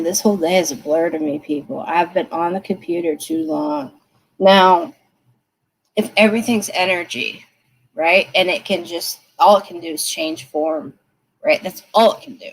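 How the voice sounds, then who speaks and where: A woman's voice: on the low side, expressive, normal speed, a little hiss or hum, low-quality recording. A woman giving tarot readings on a live stream, chatting straight to her viewers and laughing often. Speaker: tarot reader.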